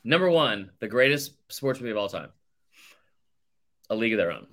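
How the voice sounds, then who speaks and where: A man co-hosting a podcast, chatting casually and ranking movies with blunt, animated opinions and some swearing. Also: fairly low pitch, a little fast. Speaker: podcast co-host. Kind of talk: casual chat.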